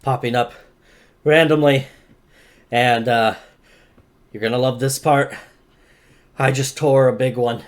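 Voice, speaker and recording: A man voicing an overexerted male mage who speaks hoarsely, curt and sardonic. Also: medium pitch, fairly even intonation, takes it slowly, pauses often, lightly acted. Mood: urgent, curt.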